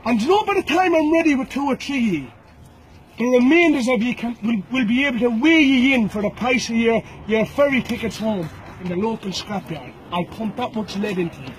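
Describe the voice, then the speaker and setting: An Irish man with a strikingly high voice that swings up and down a lot delivers a fighter's recorded challenge. He taunts and threatens, circling back to the same names and phrases again and again. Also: very animated, normal speed, noisy background. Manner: taunting and threatening, repeats names and "boys" often. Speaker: bare-knuckle fighter.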